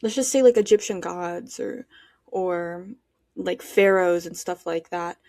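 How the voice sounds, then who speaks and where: A woman's voice: fairly low pitch, a little slow, mellow, no room sound, studio quality. A teenage girl hosting a solo podcast, chatting casually and giving her opinions while she thinks aloud with lots of fillers. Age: teens. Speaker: podcast host.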